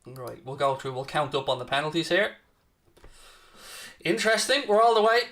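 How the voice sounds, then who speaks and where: A man's voice: a little high, lively intonation, normal speed, fairly bright tone. A young man hosting a live football watchalong, chatting casually and answering viewers by name. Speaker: watchalong host. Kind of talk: live stream commentary and chat.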